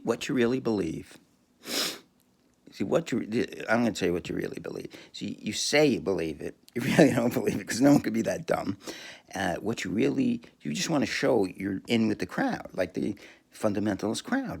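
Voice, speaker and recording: A man's voice: lowish voice, vocal fry, a little mellow, breathy edge. A man talking alone on his podcast, crude and rambling, often breaking into laughter and restarting his sentences. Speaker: podcast host. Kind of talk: rambling solo monologue.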